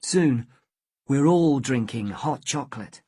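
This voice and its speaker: A storyteller reads a simple story for beginners at a very slow, careful pace. The voice is husky, and the recording is dry and close. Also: medium pitch, lively intonation, mellow, dry recording. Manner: slow, careful, clearly spaced. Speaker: storyteller for English learners. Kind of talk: slow scripted story narration for learners.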